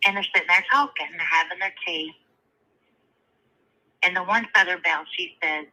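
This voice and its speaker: A woman calling in to a live show, slowly telling a long joke in a drawling storyteller way. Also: fairly low pitch, bright, forceful tone. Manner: slow drawling storyteller, laughs at her own joke. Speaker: caller. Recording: tinny phone line.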